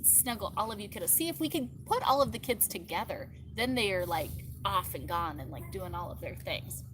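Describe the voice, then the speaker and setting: A woman's voice: mid-range voice, lively intonation, brisk, noisy background. A woman hosting a casual live stream as a mother, chatting and rambling with lots of filler words, outdoors in her yard. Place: outdoors in a backyard.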